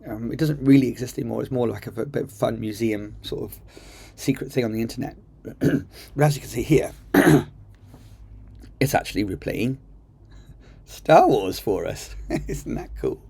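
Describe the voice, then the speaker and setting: Man, husky voice, casual coding lesson, enthusiastic, thinks aloud. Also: medium pitch, moderate pace, a little mellow. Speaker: coding teacher. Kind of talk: casual screen-recorded tutorial. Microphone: computer mic while screen recording.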